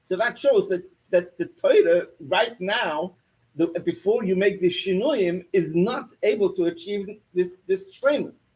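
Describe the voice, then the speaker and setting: A man in a study class who keeps questioning the teacher and pushing back on his points. His voice sits a bit higher than most men's. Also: measured pace, darkish tone, poor audio. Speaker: student. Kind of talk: heated study-class debate.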